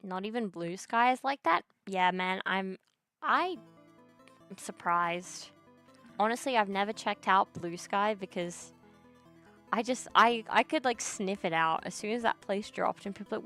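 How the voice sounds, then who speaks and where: A woman's voice: medium pitch, a little slow, fairly bright tone, soft background music. Blunt, swearing young woman streamer. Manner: blunt, heavy swearing, slangy "bro". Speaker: streamer reading chat. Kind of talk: casual ranting chat.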